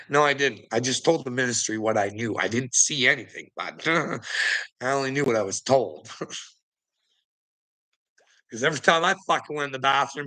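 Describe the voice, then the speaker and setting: A man's voice: medium pitch, lively intonation, normal speed, bright, forceful tone, dry recording, rough recording. A man ranting in casual, profane talk to a viewer, laughing often and mocking as he tells stories from work. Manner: addresses a viewer as "little me" and "buddy".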